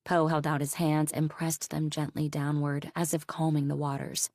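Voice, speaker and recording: A woman reads a mystery audiobook in a low voice with a gravelly edge. Her telling is steady and even. The sound is close and dry. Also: normal speed, no echo. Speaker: audiobook narrator. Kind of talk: scripted audiobook narration.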